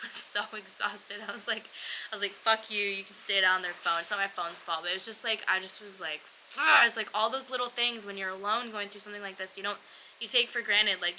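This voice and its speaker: Chatty young woman, bright voice. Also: mid-range voice, a little hiss or hum, low-quality recording. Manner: chatty, heavy use of "like", frequent swearing. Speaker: vlogger. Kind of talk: casual storytelling to camera.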